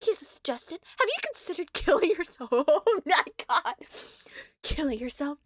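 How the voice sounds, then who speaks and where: A woman's voice: high-pitched, sing-song, moderate pace, dry recording, studio quality. A woman voicing an obsessive, lovestruck young woman from a game, reading her intense confessions aloud. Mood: cold.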